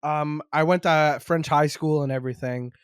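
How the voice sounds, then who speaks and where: Man, from Montreal, young adult, comedian, animated storytelling, dry close sound. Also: on the high side, normal speed, clear, resonant tone, no room sound. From Montreal, Quebec. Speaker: stand-up comedian, guest. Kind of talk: casual podcast chat.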